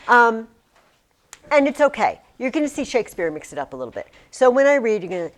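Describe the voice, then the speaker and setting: A middle-aged woman teaching a classroom, chanting rhythms aloud in a chatty, animated way. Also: a little high, brisk.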